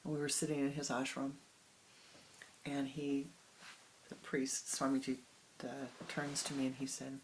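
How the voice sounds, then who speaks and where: A spiritual teacher giving a meditative sermon, speaking slowly and softly, often sinking into a whisper, with long pauses. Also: medium pitch, little pitch movement, a little hiss or hum. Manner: slow, soft, often dropping into whispers; unhurried with long pauses, halting restarts.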